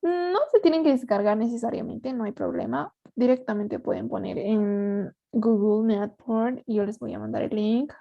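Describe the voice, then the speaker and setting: A woman's voice: on the high side, brisk, gravelly, hardly any pauses, lo-fi sound. A woman teaching an online English class, coaxing students along and often asking "right?" over a video call. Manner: switches between English and Spanish, coaxing students with frequent "right?".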